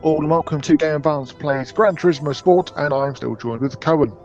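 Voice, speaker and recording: A man with a somewhat high voice talks loosely through a racing game, rambling and laughing easily. Background music and car sounds run loudly under his voice. He sounds casual and unscripted. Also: a little fast, dull audio. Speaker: gaming channel host. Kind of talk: casual gameplay commentary.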